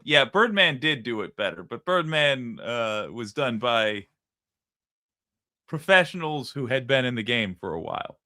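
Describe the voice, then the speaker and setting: A man's voice: mid-range voice, lively intonation, normal speed, bright, forceful tone, no room sound, studio quality. A man hosting a live stream, chatting casually, musing aloud and reading out viewer comments. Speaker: streamer host.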